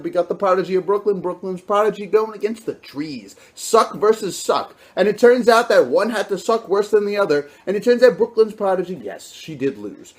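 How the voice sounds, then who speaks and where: Animated, high-voiced young man talking trash. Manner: brash, profane trash talk. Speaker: fantasy football league host. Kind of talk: casual weekly recap.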